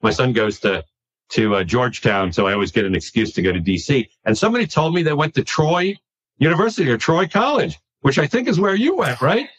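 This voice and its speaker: A man from New York talking in a casual podcast conversation, animated and quick to repeat himself when excited. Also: medium pitch, muffled recording.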